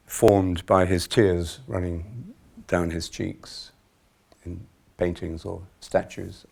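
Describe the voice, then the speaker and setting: A man leading a spiritual retreat as a monk, speaking in a measured, thoughtful way with pauses and fillers. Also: low voice, gravelly, a little mellow. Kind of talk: reflective spiritual retreat talk.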